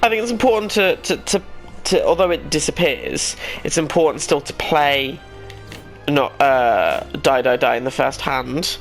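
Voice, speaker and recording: A man's voice: fairly high pitch, a little slow, gravelly, soft background music. A man giving casual let's-play commentary, thinking aloud as he plays and poking fun at himself now and then. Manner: thinks aloud, rambling and self-deprecating. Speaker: gaming YouTuber.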